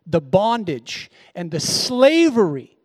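A pastor preaching a sermon, moving from hushed, tender storytelling to loud, shouted exhortation. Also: male voice, sits high, sing-song, slow pace, no echo, clean studio sound.

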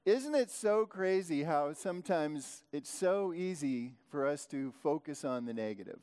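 Rambling male preacher, self-correcting, slightly high voice, hall reverb. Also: animated, a little slow, darkish tone, smooth. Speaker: pastor. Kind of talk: sermon.

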